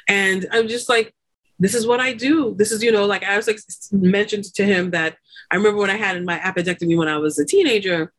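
A woman in a podcast interview tells her story with lively energy, full of fillers and quick laughs. Her voice sits at a middle pitch and she stacks one thought onto the next. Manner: animated, many fillers like "like" and "you know", laughs often. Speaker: doula and lactation consultant guest.

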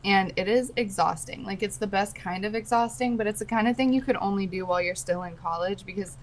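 A woman's voice: medium pitch, a little fast, rough recording. A woman in her twenties co-hosting a podcast, chatting expressively, swearing casually and calling her friend "babes". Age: 20s. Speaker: podcast co-host. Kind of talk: casual chat.

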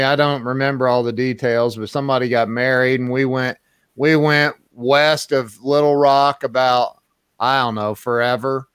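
A man's voice: mid-range voice, clear, resonant tone, dry recording. A man hosting an interview show, talking casually and rambling with repeated words and fillers. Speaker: host.

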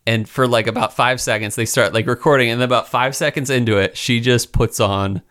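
A man's voice: medium pitch, fairly even intonation, fairly quick, fairly bright tone. A young man co-hosting a podcast, chatting in an upbeat way and laughing often as he talks. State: expecting father. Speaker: podcast co-host. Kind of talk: casual chat.

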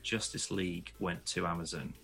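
A man co-hosting a podcast, chatting casually and telling animated stories with the odd swear word. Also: low voice, normal speed, gravelly, slightly rough, soft background music. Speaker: podcast co-host. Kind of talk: casual chat.

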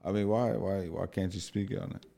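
A man's voice: low voice, steady tone, unhurried, warm tone. A man hosting a podcast, asking laid-back questions and reacting with short laughs. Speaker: podcast host. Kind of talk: casual chat.

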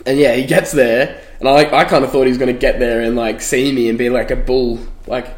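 A man's voice: medium pitch, little pitch movement, a little fast. Young man rambling, echoey room. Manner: rambling storytelling, laughs often. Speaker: podcast co-host. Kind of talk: casual chat.

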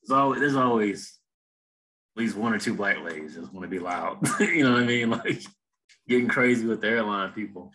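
Laid-back low-voiced man chatting. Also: lively intonation, fairly quick, bright, forceful tone, rough recording. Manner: laid-back slangy talk, laughs often. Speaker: podcast co-host. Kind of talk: casual chat.

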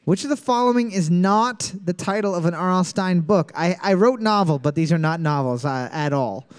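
A man with a notably high voice runs a live trivia night at a bar. He reads the questions and scores in an announcing tone, then slips into quick jokes between them. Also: lively intonation, clear, resonant tone. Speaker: trivia host.

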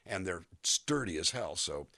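An older man, a singer-songwriter, talking in a relaxed interview and acting out voices and melodies as he explains. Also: deep voice, unhurried, dry recording. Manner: animated, demonstrates voices and melodies mid-sentence. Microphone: USB microphone.

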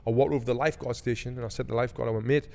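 A middle-aged man, co-hosting a podcast, telling a story in casual chat, animated and swearing, acting out the voices of the people he quotes. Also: medium pitch, very fast, creaky, long reverb tail. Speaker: podcast co-host.

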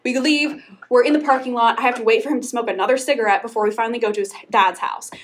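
A woman's voice: on the high side, steady tone, fast talker, slight background noise. A young woman, telling a dating story on a casual podcast while laughing often. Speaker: podcast co-host.

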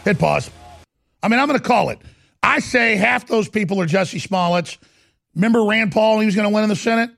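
High, gravelly, fast-ranting man. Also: a bit bright, dry recording, clean studio sound. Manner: heated, rapid-fire ranting. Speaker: talk show host. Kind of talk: ranting commentary.

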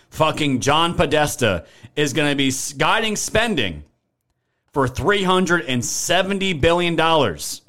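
A man's voice: a little high, a bit bright. Man, livestream host, heated ranting, profane, casual delivery. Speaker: livestream political commentary host. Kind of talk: live-stream commentary and chat shoutouts.

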